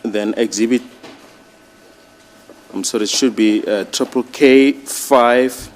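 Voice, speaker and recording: A man addressing a judge in a courtroom, reading out exhibits in a formal, deliberate way. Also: mid-range voice. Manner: slow, deliberate, reads exhibit lists. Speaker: prosecutor.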